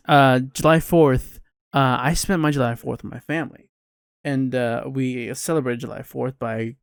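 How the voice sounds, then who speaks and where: A young American man co-hosting a podcast, chatting casually and excitably, laughing often and jumping up in pitch. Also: vocal fry, no echo, studio quality. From United States. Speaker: podcast co-host. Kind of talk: casual chat.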